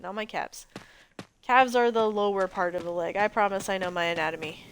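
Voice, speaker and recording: A woman's voice: mid-range voice, fairly even intonation, a little fast, background noise. A woman in her twenties giving chatty, joking commentary over gameplay, often exclaiming. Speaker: gameplay streamer. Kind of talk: casual let's play commentary.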